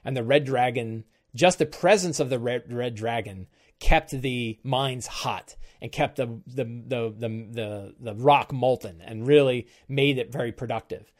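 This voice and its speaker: A man's voice: mid-range voice, unhurried. A middle-aged man hosting a live stream about game prep, talking casually and thinking aloud as he goes, often correcting himself mid-sentence. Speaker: game master and show host.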